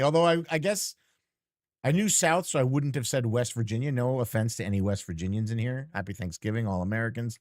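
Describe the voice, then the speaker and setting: A man's voice: medium pitch, fairly quick, a little mellow, no echo, studio quality. A man streamer chatting casually and teasingly with his chat while playing a game, rambling and joking.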